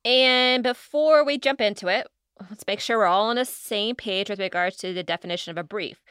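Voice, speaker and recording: A woman co-hosting a podcast, introducing the show and explaining ideas in a measured way. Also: mid-range voice, a bit bright, smooth, no echo, clean studio sound. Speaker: podcast co-host.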